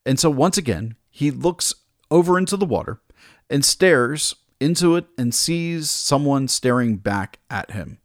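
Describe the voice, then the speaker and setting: A man's voice: fairly high pitch, animated, a little slow, no echo, clean studio sound. A man retelling an old myth in a casual, conversational way, with small asides and restarts. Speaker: storyteller.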